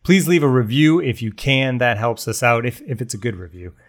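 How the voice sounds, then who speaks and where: A man's voice: medium pitch, sing-song, a little fast. A man hosting a sports podcast, easygoing and conversational as he runs the show. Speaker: podcast host.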